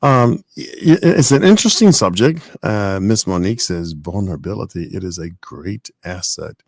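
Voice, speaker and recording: A man co-hosting a casual talk show, playful and halting, with many restarts as he reads live comments. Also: low voice, lively intonation, no room sound, studio quality. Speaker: podcast co-host.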